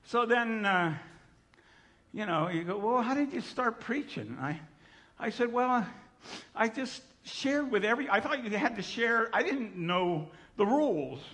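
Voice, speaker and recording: A middle-aged man preaching, telling his testimony in an animated storytelling manner, acting out voices and sometimes shouting. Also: very high voice, a little slow. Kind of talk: sermon testimony.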